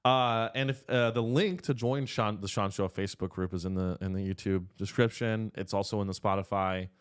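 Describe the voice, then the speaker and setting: A man's voice: steady tone, moderate pace, clear, resonant tone. A man in his thirties hosting a casual comedic podcast in a studio, rambling and crude with plenty of jokes. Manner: rambling, crude, jokey, swings pitch widely. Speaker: podcast host.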